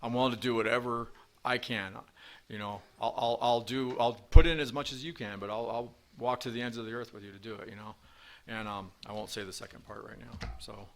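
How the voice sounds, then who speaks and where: A man shares his recovery story with an audience in a meeting room, wandering through it with many fillers and false starts. He speaks a little fast, with a medium pitch, fairly bright tone, and fairly even intonation.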